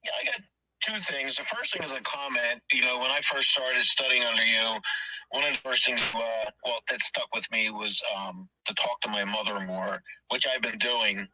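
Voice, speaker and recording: A man's voice: medium pitch, normal speed, sharp tone, poor audio. A man, probably in his fifties, calls in and tells a casual, chatty story before asking his question. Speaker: caller.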